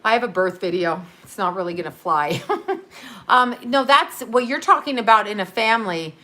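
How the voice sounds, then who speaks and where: A woman with a bright, forceful voice hosts a casual livestream. She speaks as a psychic medium and answers her chat in a blunt, loose way. She swears freely and laughs often as she talks. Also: mid-range voice, lively intonation, normal speed. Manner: talks straight to her chat, reads out comments and riffs. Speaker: psychic medium answering live viewer questions.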